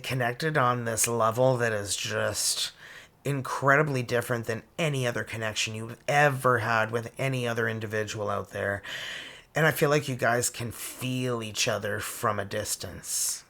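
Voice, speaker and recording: A gushing, excitable tarot reader from Canada talks straight to camera in a casual reading. The voice has a bright, sharp edge and pitch sits mid-range. They exclaim over every card and laugh often.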